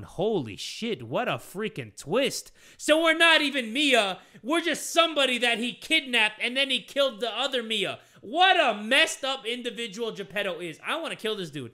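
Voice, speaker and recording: A man's voice: extremely high pitch, sing-song, normal speed, hardly any pauses, sharp tone. A man giving casual, joking, crude commentary while playing a horror game. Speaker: gaming video creator.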